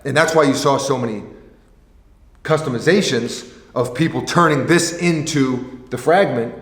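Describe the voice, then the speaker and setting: This sneaker vlogger speaks at a normal speed with medium pitch, rambling casually, cracking jokes and restarting his sentences. His voice echoes in a roomy space with long reverb.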